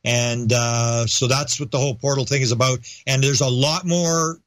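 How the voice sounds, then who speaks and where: A man's voice: medium pitch, fairly even intonation, normal speed, a bit bright, no echo. A man talking as a podcast guest in casual interview chat. He rambles, restarts his sentences, and slips into raised voices when he acts out quoted dialogue.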